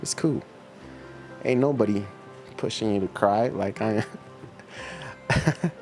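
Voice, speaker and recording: A man's voice: on the low side, slow pace, darkish tone, soft background music. A middle-aged man hosting a livestream, chatting casually with viewers in a laid-back, slangy way and laughing often. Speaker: livestream host reading chat. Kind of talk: casual chat reading viewer comments.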